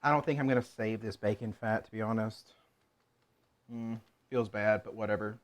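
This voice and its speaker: A man's voice: on the low side, fairly even intonation, normal speed. A man streaming himself cooking in a home kitchen, chatting casually and rambling to himself as he works.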